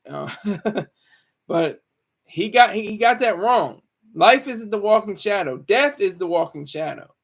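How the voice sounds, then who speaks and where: A man's voice: high voice, creaky. A man talking casually on a live stream, rambling with many stammered restarts.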